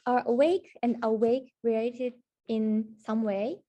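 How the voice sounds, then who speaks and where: A woman's voice: fairly high pitch, steady tone, unhurried, dark tone. A woman co-presenting a vocabulary lesson, reading definitions and asking polite questions. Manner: polite, inquisitive, reads definitions carefully. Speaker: co-host student asking questions.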